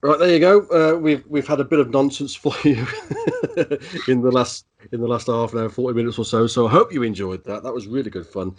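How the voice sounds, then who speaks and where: A man's voice: mid-range voice, a little fast. A man co-hosting a podcast in casual chat, agreeable and hesitant, with many fillers. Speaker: podcast co-host.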